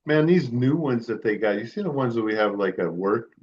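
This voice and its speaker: A man's voice: medium pitch, expressive, fairly quick, darkish tone, dull audio. A middle-aged man co-hosting a podcast in casual chat, rambling and hesitant as he recalls things. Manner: rambling, hesitant, many fillers and restarts. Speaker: podcast co-host.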